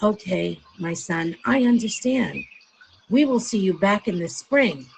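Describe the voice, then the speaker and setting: A woman voicing a caring mother duck who gently coaxes her son. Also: medium pitch, animated, measured pace, gravelly, slight background noise, rough recording. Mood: gentle. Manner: coaxing, pleading.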